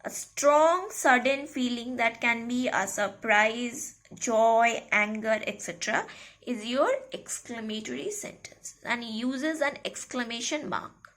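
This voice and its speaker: Teacher lady, high pitched, bright voice, repeats stuff, keeps asking okay? clear?. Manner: repeats key phrases slowly, checks with "okay?" and "clear?". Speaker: school English teacher. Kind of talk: classroom grammar lesson.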